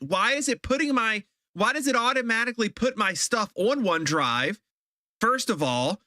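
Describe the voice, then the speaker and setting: A man's voice: high-pitched, animated, normal speed, bright, forceful tone, dry recording, clean studio sound. A man live-streaming a game, chatting casually with viewers and ranting in exasperation, often repeating himself.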